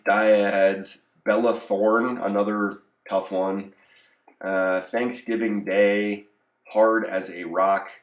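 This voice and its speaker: Wry low-voiced man solving crosswords. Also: echoey room. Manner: wry, offhand, sarcastic asides. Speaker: crossword channel host. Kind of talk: casual live-solve commentary.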